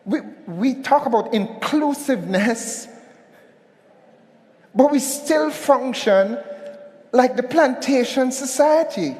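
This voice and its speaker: A man delivers a motivational keynote from a hotel conference stage, drawing the audience in with a story and asking them to answer back. His high voice swings widely and he speaks slowly. A long reverb from the large hall hangs on every phrase. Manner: animated, storytelling, calls on the audience.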